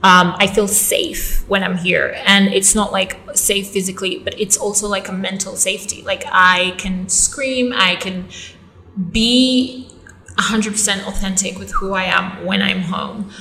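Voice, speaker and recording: A woman's voice: mid-range voice, steady tone, measured pace, bright, forceful tone, low-quality recording. A young woman from Uganda, an actress and model, talking candidly and thoughtfully as an interview guest. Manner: thoughtful, candid, many fillers. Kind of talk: reflective interview talk.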